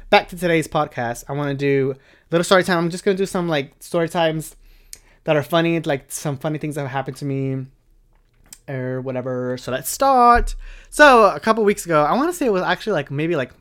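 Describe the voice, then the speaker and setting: A young man with a fairly high voice tells a wild story from his own life, cursing freely and rambling through the details. He talks casually, like he's on a solo podcast, and builds up the drama as he goes. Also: fairly bright tone. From Arizona. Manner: profane, rambling, dramatic retelling. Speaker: podcast host.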